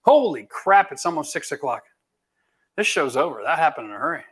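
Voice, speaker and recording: A man's voice: a little high, sing-song, fairly quick, husky. A middle-aged man from Canada, a home renovation host answering viewer questions in a blunt, emphatic, folksy way. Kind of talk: live Q&A chat.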